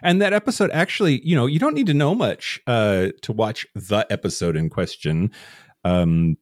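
A man's voice: on the low side, animated, normal speed, no room sound, clean studio sound. A man co-hosting a casual podcast, chatty, laughing often and talking with fillers and restarts. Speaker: podcast co-host.

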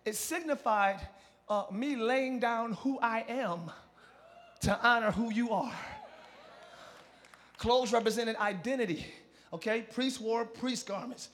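A male pastor preaching a live church sermon, exhorting and shouting to the congregation, then dropping into quieter conversational asides. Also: very high-pitched, takes it slowly, long pauses, a little hiss or hum. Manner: drops to a quiet conversational tone between shouted passages. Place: church sanctuary.

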